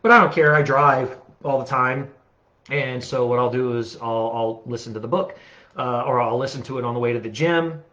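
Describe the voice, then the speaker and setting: A man near forty talks at home into a podcast mic, rambling and swearing freely as he rants. His voice sits at an ordinary pitch, and the recording is a little dull and muffled. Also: normal speed, bright, forceful tone. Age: late 30s. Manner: profane, rambling, ranting. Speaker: podcast host. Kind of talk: casual monologue. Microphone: studio podcast mic.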